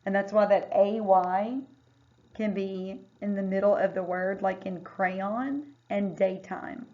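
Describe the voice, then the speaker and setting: A woman teacher leading a phonics lesson, sounding out words slowly and carefully. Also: medium pitch, steady tone. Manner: slow, careful word-by-word sounding out. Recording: dull lo-fi recording.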